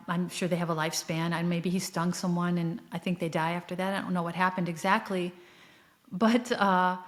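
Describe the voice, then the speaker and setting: Earnest woman telling a spiritual story. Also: mid-range voice. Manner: earnest, reflective, with soft laughs and frequent fillers. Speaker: podcast host. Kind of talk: solo spiritual podcast storytelling.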